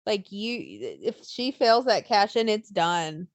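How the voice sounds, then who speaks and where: A young woman co-hosting a casual wrestling podcast, blunt and animated, swearing freely and acting out what fans would say. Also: mid-range voice, slow pace, dry recording. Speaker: podcast co-host.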